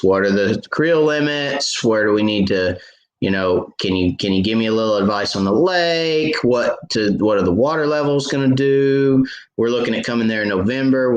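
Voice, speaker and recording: Rambling man in an echoey room. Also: fairly low pitch. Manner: storytelling, animated retelling with many fillers and restarts. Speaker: fishing show host answering viewer questions. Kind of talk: casual live Q&A chat.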